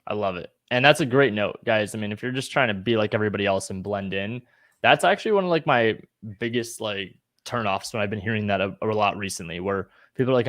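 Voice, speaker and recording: A man in his twenties, a real estate agent, co-hosts with casual, energetic, motivational talk aimed at coaching listeners. His voice is on the low side and he speaks quickly.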